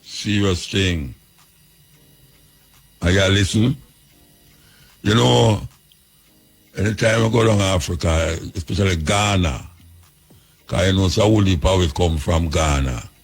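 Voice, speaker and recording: Gravelly deep-voiced Jamaican man. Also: unhurried, pauses often. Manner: patois storytelling, addresses listeners directly. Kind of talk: storytelling to listeners.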